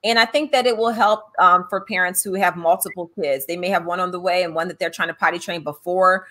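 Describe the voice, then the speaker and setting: A woman hosting a podcast, telling funny parenting stories in a casual, animated way and acting out quotes. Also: fairly low pitch, a little fast. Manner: animated, laughing, acts out quotes. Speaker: podcast host and author. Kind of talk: casual chat, storytelling.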